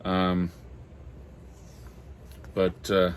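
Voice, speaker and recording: A man from Minnesota chatting casually on his own about comics, halting and apologetic with lots of fillers, his throat going dry. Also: deep voice, monotone, a little hiss or hum. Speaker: comic collector vlogger. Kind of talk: casual solo chat.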